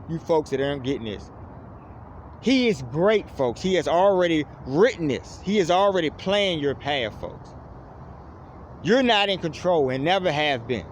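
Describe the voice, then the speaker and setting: Impassioned male preacher, animated delivery, tags phrases with a dropped-low "folks", faint urban noise in background. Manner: fervent, says "folks" after nearly every phrase, voice dropping low on it. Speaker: preacher addressing online viewers. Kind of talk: impassioned spiritual monologue.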